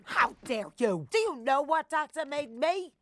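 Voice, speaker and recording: An actress playing a loud, out-of-control monster wife with a nasal voice, in a film clip. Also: female voice, sits high, expressive, measured pace. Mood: nagging. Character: pushy, brassy middle-aged female monster wife. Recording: film clip under music.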